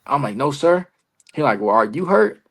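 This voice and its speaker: Slangy, animated male wrestler telling stories. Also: medium pitch, fairly quick, slightly rough. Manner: slangy, loose, peppered with "bro" and "you feel me"; animated, acts out both sides of conversations. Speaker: guest wrestler. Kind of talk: casual storytelling interview.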